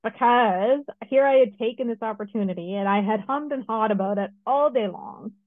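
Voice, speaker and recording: A middle-aged woman co-hosting a podcast, telling a personal story in a casual, lively way with many asides. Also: fairly high pitch, normal speed, no room sound. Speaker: podcast co-host. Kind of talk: casual chat. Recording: dry, phone-like narrow sound.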